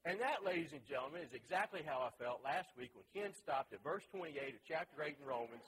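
A man's voice: a little high, expressive, fast, hardly any pauses, fairly bright tone, slight background noise, poor audio. Chatty man teaching a Bible class. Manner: chatty storytelling, many fillers and asides. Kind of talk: casual teaching talk.

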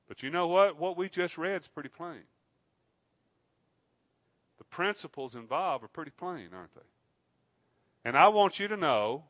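A man preaching a sermon, reading scripture and slowing down deliberately to stress his points. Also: fairly high pitch, a bit bright, dry recording, muffled recording. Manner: deliberate, slows down for emphasis, rising intensity.

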